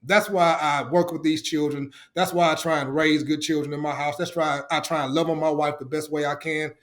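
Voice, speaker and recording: High-voiced animated man preaching. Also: a little fast. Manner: animated storyteller, acts out quotes. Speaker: podcast guest, ministry founder. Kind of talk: enthusiastic testimony.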